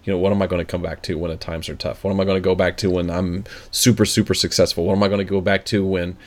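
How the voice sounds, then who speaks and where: A man with a very low voice chats casually as a podcast co-host. He talks with eager enthusiasm and keeps restarting his phrases as he goes. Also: level tone, racing. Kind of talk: casual chat.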